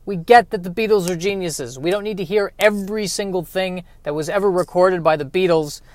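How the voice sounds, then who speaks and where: Male podcast host, sarcastic rambling comic monologue, slightly high voice, dry close sound. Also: a little fast, darkish tone, no echo. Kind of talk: comedic solo monologue.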